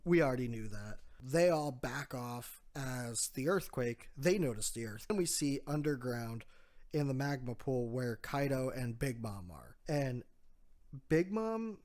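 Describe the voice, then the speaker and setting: A man casually recaps a comic chapter for his podcast, chatty and easygoing with quick laughs. His voice sits at an ordinary middle pitch. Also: expressive, darkish tone. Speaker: podcast co-host.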